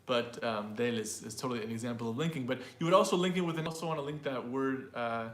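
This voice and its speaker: A man's voice: mid-range voice, fast talker, roomy sound. A man teaching an online pronunciation lesson, chatty and loose, repeating example phrases aloud to show how they sound. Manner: loose and chatty, with fillers and small laughs. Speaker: language teacher and host.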